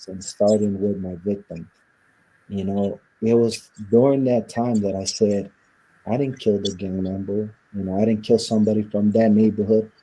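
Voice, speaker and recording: A man speaks in a husky, low voice with a dark, mellow tone. He tells his story earnestly and reflectively, slipping into the voices of the people he quotes, at the easy pace of an interview conversation. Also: fairly even intonation, moderate pace, low-quality recording. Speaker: interview guest.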